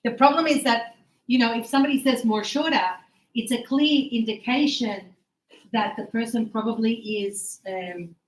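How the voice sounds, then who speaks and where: A woman teaching English in a live class, chatty and animated, acting out little dialogues as she explains. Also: on the high side, roomy sound, low-quality recording.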